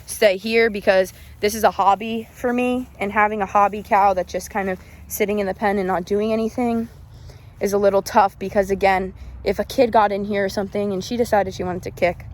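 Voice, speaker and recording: A woman's voice: mid-range voice, steady tone, a little fast. Teen girl vlogging out by her cows on her phone, chatty and rambly, trips over her words a bit. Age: young adult, eighteen. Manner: chatty, rambling, self-correcting. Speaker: hobby cattle keeper vlogger. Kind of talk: casual rambling vlog chat. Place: outdoors in a cattle pen. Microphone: handheld phone.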